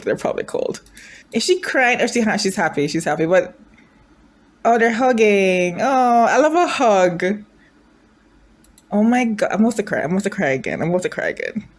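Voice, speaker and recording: A woman with a fairly low, sing-song voice talks quickly while casually reacting to a drama. She thinks out loud, gushes emotionally, and poses questions to her viewers.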